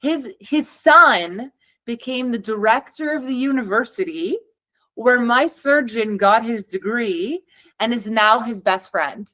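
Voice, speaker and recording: A woman appears as a podcast guest, candidly and chattily telling her own story and acting out the dialogue she quotes. Her voice is a little high, bright and forceful, unhurried in pace, though the audio quality is poor.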